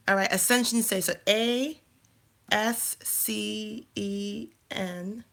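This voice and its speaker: Woman host, unhurried and gravelly, talking to herself as she clicks through settings. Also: medium pitch, fairly even intonation, a bit bright. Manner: chatty, thinking aloud while fumbling through settings. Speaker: life coach and channel host. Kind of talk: casual live-stream chat.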